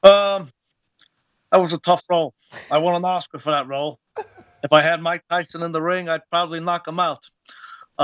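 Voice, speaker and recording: A man's voice: fairly high pitch, fairly bright tone, clear, resonant tone, dry recording, natural voice. A man impersonating a grumbling old film actor. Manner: halting, mumbling, repeating himself. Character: impression of a famous older film actor, gruff and grumbling. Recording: dull lo-fi clip.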